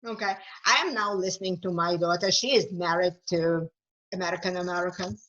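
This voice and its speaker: A woman speaking with an East European accent, a guest author talking slowly and thoughtfully in a webinar, sometimes repeating words as she searches for them. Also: lowish voice, fairly even intonation, a bit bright, lo-fi sound. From Ukraine. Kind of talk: webinar talk.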